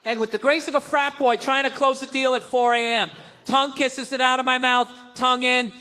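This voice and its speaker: A man telling a wild story on stage as a stand-up comic, with a voice that sits notably high for a man. He is profane and animated, and he jumps into other people's lines as he acts them out. He sounds middle-aged. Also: fairly quick, clear, resonant tone. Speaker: stand-up comedian.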